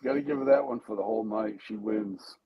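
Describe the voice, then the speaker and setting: A man's voice: fairly low pitch, steady tone, fairly quick, highs cut off. A middle-aged man with a Boston accent chatting casually as a guest, joking crudely and easygoing. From Massachusetts, USA. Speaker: stream guest. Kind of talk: casual chat.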